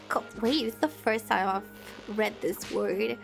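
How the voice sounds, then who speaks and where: A woman's voice: medium pitch, slow, creaky, over music. A woman streamer in casual gameplay chat, chatty and giggly, on a desk microphone.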